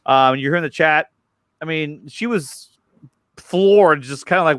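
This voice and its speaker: A man hosting a casual chat about movie news. He is excited, repeats his words and often restarts his sentences. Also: on the high side, unhurried, clean tone, no echo, clean studio sound. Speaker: show host.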